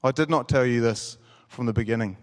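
A man reading a Bible passage aloud at a church service, measured and solemn. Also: medium pitch. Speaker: scripture reader. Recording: long church-hall reverb.

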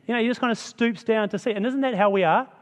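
A man's voice: sits high, fast, in a large hall. A man preaching a sermon in a chatty, conversational way, often asking the listeners rhetorical questions. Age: adult with school-age kids.

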